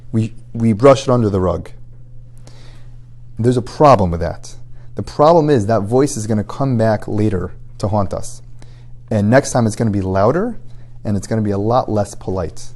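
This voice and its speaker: A man's voice: mid-range voice, a little mellow. A man, a rabbi, giving a short ethics talk to students, earnestly explaining and acting out both sides of everyday conversations. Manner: earnest, explanatory, rising intensity on key points.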